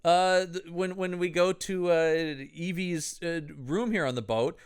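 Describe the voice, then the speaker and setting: A man's voice: high-pitched, unhurried, clean tone. A man co-hosting a casual movie podcast who talks enthusiastically and gushes about his favorite scenes. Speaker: podcast co-host. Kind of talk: casual film-discussion podcast chat.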